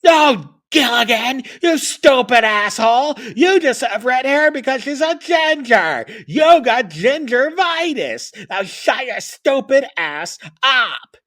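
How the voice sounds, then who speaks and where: A foul-mouthed old sea skipper, as a man puts him on, barking insults in a pitched-up, lively voice. The delivery is loud and crude, like a cartoon captain. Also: takes it slowly, few pauses, exaggerated voice. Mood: exasperated. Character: gruff angry male ship skipper, foul-mouthed.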